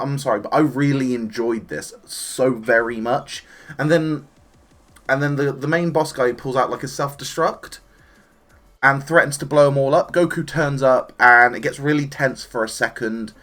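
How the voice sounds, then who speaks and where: Chatty man excitedly reviewing an anime episode. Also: medium pitch. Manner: enthusiastic, chatty, acts out characters' lines. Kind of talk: casual spoken review.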